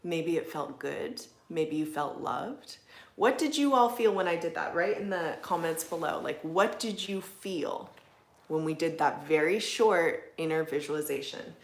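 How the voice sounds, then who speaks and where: A woman hosting a casual livestream, chatting and answering viewer comments in a relaxed way with frequent "like"s and soft laughs. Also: sits low, measured pace, creaky, reverberant. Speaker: livestream host, manifestation coach. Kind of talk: casual live-stream chat reading viewer comments. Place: indoors at home.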